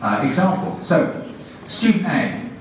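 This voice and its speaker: Male trainer demonstrating lessons, brisk and encouraging, higher pitch, recorded far back in a roomy lecture hall with faint noise. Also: sing-song. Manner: brisk questioning with quick praise. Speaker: guest lecturer and teacher trainer. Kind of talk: demonstrating classroom teaching to an audience. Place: university lecture room. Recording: echoey room from a distant mic.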